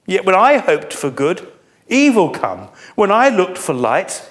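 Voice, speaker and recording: An anguished man cries out to God in a strained, pleading voice pitched well above ordinary speech, loud and full of lament, as a preacher acts him out. The delivery is impassioned, rising and urgent. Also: very animated, a little slow, heavily acted.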